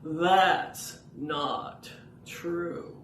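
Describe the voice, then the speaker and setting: A woman voicing an excitable male puppet dog who scolds his friend in a shrill, drawn-out way. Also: slight background noise. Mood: scolding. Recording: echoey room.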